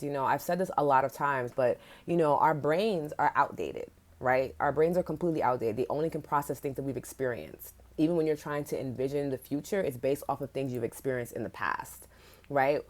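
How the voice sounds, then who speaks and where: A woman hosting a casual livestream podcast, talking candidly and chattily with frequent "like"s and casual swearing. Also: rumbling low. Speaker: podcast host.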